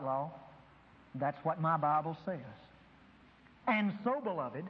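A man's voice: high-pitched, long reverb tail, highs cut off. A man preaching a sermon to a congregation, emphatic and dramatic, acting out dialogues. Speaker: pastor. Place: large room before a congregation.

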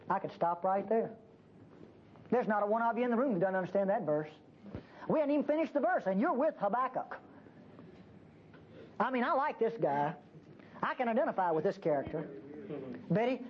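Animated woman teaching scripture. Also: medium pitch, brisk, long pauses. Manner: animated, acts out the prophet's pleas. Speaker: Bible teacher. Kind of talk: conversational Bible teaching. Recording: dull lo-fi tape with faint hiss.

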